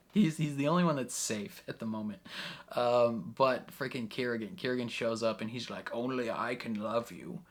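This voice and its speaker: 爱笑的男性追剧评论博主. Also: male voice, lowish voice, fairly bright tone. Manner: chatty, laughs often, many fillers. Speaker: reaction video creator. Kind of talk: casual reaction commentary.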